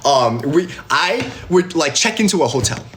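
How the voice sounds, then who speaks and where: A man's voice: on the high side, sing-song, normal speed, fairly bright tone, slight background noise. A young man, an independent artist, chatting casually on a phone live stream, rambling with lots of fillers and acting out both sides of his stories. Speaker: independent artist livestreaming to fans. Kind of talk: casual livestream chat.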